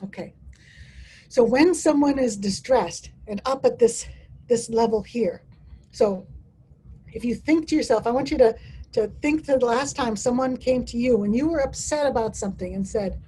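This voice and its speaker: A woman's voice: on the high side, normal speed, warm tone, slightly rough, low-quality recording. A woman presenting a dementia care training webinar over a video call, often speaking in first person as someone living with dementia, with frequent restarts.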